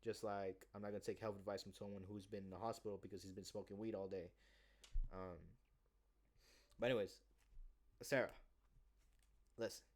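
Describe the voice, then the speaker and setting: A man with a slightly low voice talks in a loose, rambling way, sure of himself and quick to swear. He runs through a sales pitch as if on a call, with filler words and restarts throughout. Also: level tone. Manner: rambling, cocky, profane, acting out sales pitches. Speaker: sales job seeker. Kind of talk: casual vlog monologue.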